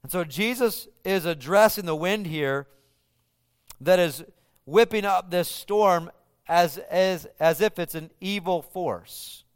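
A man's voice: sits high, slow, clean tone, no echo, clean studio sound. A man preaching a sermon, retelling a scripture scene with vivid storytelling. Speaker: pastor.

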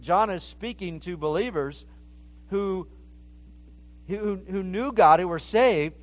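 A man's voice: high voice, slow. A male pastor preaching an expository sermon, earnest and restarting phrases as he explains the text.

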